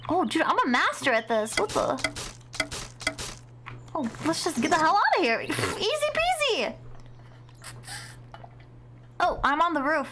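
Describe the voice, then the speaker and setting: A young woman streaming a game live, excitable and dramatic, reacting out loud and swearing freely. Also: sits high, measured pace, pauses often, background noise. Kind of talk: live gameplay commentary.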